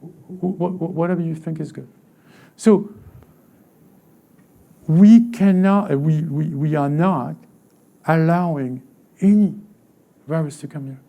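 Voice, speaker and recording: A male pastor delivers a sermon in a high, gravelly voice with a dark, mellow tone. He stumbles and repeats himself often, falling to near-murmurs between sudden loud bursts. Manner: halting, repeats words, swings from quiet to loud.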